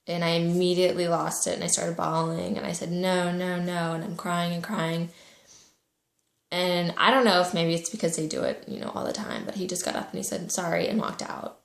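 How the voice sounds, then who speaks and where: A young woman recounts a painful memory, speaking softly and haltingly, pausing often. Her voice sits a little low and has a gravelly fry. The room around her sounds echoey. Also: lively intonation. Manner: emotional, halting, soft-spoken. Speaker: vlogger. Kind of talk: personal storytelling.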